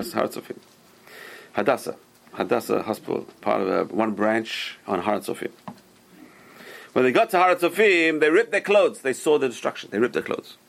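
A man's voice: mid-range voice, creaky, fairly bright tone. A man teaching a Torah class, retelling old stories with rhetorical questions and Hebrew terms mixed in.

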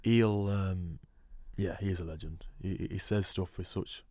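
A rugby player appears as a guest in a casual studio chat, telling stories in a thick Yorkshire accent, laughing often and repeating words as he goes. His deep voice is steady and warm, at a moderate pace. A studio microphone captures him with no room sound.

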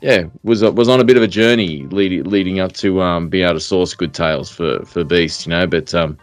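Deep-voiced blunt man chatting. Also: fairly quick, no echo, faint music behind. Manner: blunt, rambling, lots of fillers. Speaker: podcast co-host. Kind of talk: casual chat.

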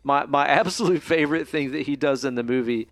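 A man's voice: medium pitch, brisk, a bit bright, dry recording. A man co-hosting a podcast, chatting casually and enthusiastically about a movie, rambling a bit and swearing now and then. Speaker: podcast co-host. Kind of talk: casual movie review chat.

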